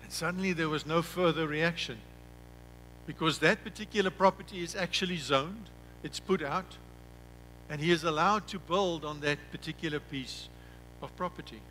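A man preaching a sermon as pastor, who slows down and drops his voice on key words and repeats himself when telling a story. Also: a little high, pushed and bright, a little hiss or hum, rough recording.

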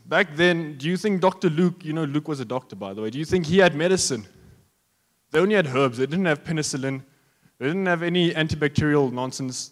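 Joking pastor preaching. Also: male voice, fairly high pitch, long reverb tail. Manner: joking, talks straight to the congregation. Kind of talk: sermon.

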